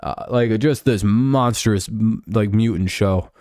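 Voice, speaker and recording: A man's voice: fairly low pitch, slow pace, a little mellow, dry recording, clean studio sound. A man streaming live, talking football in a rambling, profane way with lots of fillers and restarts. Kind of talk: casual live-stream sports chat.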